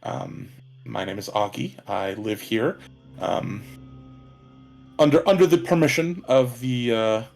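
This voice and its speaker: A man voicing a gentle, doting woman who hosts guests at her table, hesitant and full of restarts. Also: medium pitch, creaky, faint music behind. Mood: welcoming. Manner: hesitant, restarts often, drawn-out words. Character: gentle motherly woman host, doting creator.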